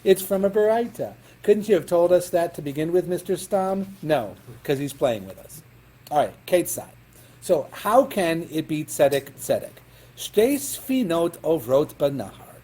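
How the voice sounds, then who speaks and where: A rabbi with a mellow, slightly high male voice runs a Talmud class. He explains each text stepwise, checks his students are following, and sprinkles Hebrew and Aramaic terms through his plain talk.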